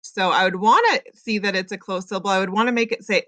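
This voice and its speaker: A woman teaching a reading lesson, patiently sounding out words slowly and explaining each step. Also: medium pitch, sharp tone, no room sound. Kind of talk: classroom phonics lesson.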